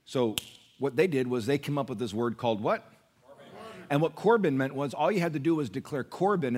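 A middle-aged man preaching a sermon to a congregation as their pastor. He calls for responses from the room and swings between quiet asides and loud, raised declarations. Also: medium pitch, a little fast. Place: church service.

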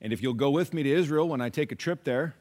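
At a quick pace, a pastor with a medium-pitched voice preaches a dynamic, conversational sermon. He moves between emphatic outbursts and soft asides, playing out what the congregation might say back.

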